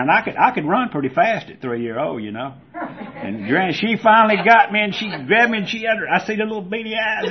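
A man's voice: mid-range voice, lively intonation, fairly quick. An older man with a Southern US accent, from Georgia, gives a personal testimony at a recovery meeting, telling a folksy story and acting out the voices in it. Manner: folksy storyteller who acts out voices loudly. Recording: dull lo-fi recording.

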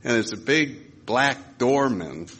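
A man telling lively, chuckling stories to a live audience. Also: mid-range voice, slow pace, husky. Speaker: speaker sharing recovery stories.

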